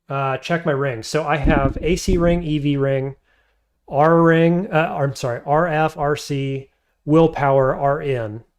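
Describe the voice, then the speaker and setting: A man's voice: a little high, steady tone, measured pace. A man streaming a game, thinking aloud as he weighs his options and answers chat. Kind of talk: casual live-stream commentary.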